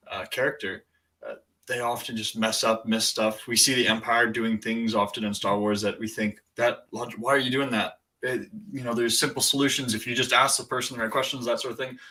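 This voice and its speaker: A man co-hosting a review podcast, explaining his view of a character in a measured, analytical way. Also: mid-range voice, sharp tone. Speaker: podcast co-host. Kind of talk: casual chat reviewing a TV episode.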